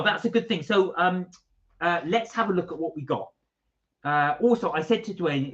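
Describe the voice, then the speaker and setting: Lively chatty man on a home live stream. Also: a little high, brisk, muffled recording. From England. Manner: chatty, reads out viewer comments, lively and playful. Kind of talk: casual live-stream chat. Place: at home, indoors.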